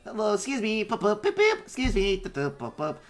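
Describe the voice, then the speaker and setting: A man's voice: high voice, wildly swooping pitch, brisk, pitched above the performer's own voice. A man voicing a small, eager, polite robot runner bot that beeps and stammers through its sales patter. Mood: chirpy.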